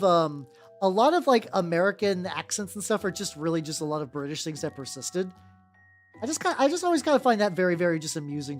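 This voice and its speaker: Brief: lively, sing-song streamer with a mid pitch who rambles and swears, over faint background music. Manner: rambling, heavy on fillers, swears freely. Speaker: streamer painting miniatures. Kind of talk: casual live-stream chat.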